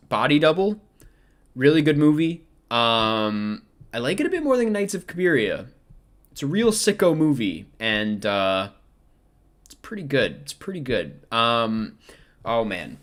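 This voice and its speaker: A man's voice: mid-range voice, a bit bright. Rambling young man ranking films aloud. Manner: rambling, self-questioning, frequent ums. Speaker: film vlogger ranking movies. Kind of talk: casual chat.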